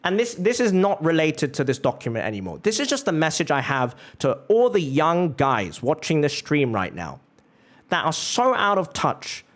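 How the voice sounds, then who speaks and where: Brief: male streamer, somewhat high voice, swings widely in pitch, impassioned and profane rant. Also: a bit bright. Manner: impassioned, profane, repeats phrases for emphasis. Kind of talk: heated reaction rant on stream.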